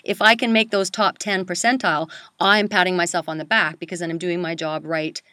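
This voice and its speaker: A middle-aged woman hosting a casual chat about voice-over work, animated and quick to laugh. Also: lowish voice, dry recording, clean studio sound. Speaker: voice-over coach and host.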